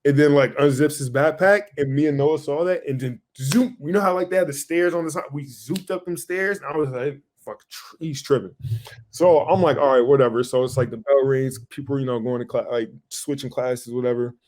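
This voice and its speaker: A young man co-hosting a podcast, telling a story in casual chat, animated and swearing freely as he acts out what he said back then. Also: medium pitch, fairly quick, few pauses. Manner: animated, swears a lot, acts out his own past lines. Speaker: podcast co-host.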